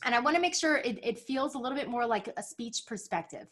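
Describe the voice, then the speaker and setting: A woman coaches a singer over a video call in a high, bright voice. She is encouraging and gives precise physical instructions about the jaw and mouth. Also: lively intonation, quick pace. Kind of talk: teaching a singing lesson.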